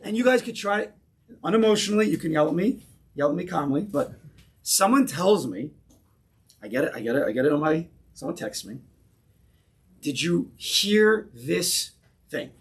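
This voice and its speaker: A man with an American accent, a rabbi leading an interactive Torah class for a small group, animated and full of questions. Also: on the high side, husky. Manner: animated, questioning, keeps pausing listeners. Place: synagogue room with a small group.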